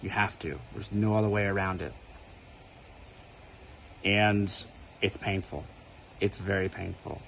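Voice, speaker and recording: A man's voice: sits low, fairly even intonation, unhurried, vocal fry, pauses often, a bit bright, slight background noise, low-quality recording. A man casually telling a personal spiritual story to camera, talking conversationally and often checking in with "right?". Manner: conversational, keeps asking "right?". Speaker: spiritual video creator.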